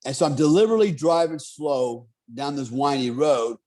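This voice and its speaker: A middle-aged man telling a story in casual chat, animated, swearing and laughing often. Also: on the high side, moderate pace.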